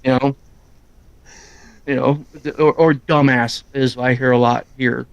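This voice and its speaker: A middle-aged man chatting casually on a live stream, loud and quick, rambling from story to story. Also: mid-range voice, fairly even intonation, gravelly, clear, resonant tone, dry recording, highs cut off. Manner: loud, fast-talking, rambling. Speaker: streamer co-host. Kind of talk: casual chat.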